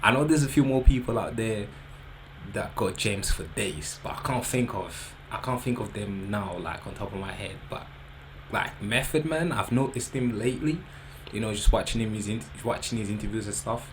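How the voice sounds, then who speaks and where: A man's voice: on the low side, moderate pace, poor audio. Chatty man with background noise. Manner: chatty, loose and joking, British slang. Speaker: reaction video host. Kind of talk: casual commentary.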